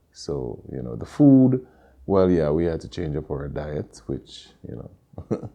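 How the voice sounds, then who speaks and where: A middle-aged man with a Jamaican accent, telling stories in a relaxed interview with many fillers and restarts. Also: rumbling low, creaky. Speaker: interview guest, Caribbean store owner. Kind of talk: casual conversational interview.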